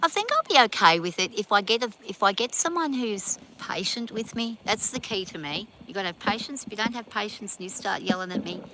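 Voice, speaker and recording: Outdoors on a farm, a woman tells rambling anecdotes and chats to her horses in casual storytelling. Her mid-range voice is expressive, bright and forceful, moving briskly with few pauses, and the rough outdoor recording carries background noise.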